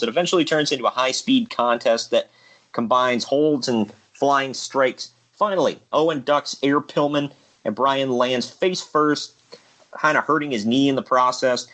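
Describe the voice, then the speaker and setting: A man's voice: mid-range voice, fairly bright tone. A man giving a casual play-by-play recap of wrestling matches in an easygoing way. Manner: easygoing, laughs at his own bits, occasional uh fillers. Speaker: show host recapping a figure wrestling league.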